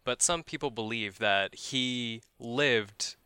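A man's voice: mid-range voice, takes it slowly, bright, forceful tone, smooth, no room sound. A man hosting a podcast, telling a true-crime story as casual chat, profane and wry, chuckling at grim details.

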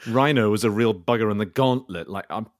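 A man's voice: fairly low pitch, a little fast, no echo, clean studio sound. A man co-hosting a comedy podcast with wry, chuckling remarks. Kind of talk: casual comedy chat.

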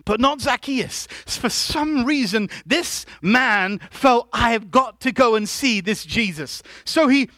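A male pastor with a very high, bright and forceful voice delivers a sermon in a church. He keeps calling on the congregation to answer back and pushes up to loud, emphatic shouts. The sound is dry and close, with almost no room echo. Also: expressive, slow pace, hardly any pauses. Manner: preaching with call-and-response to the congregation.

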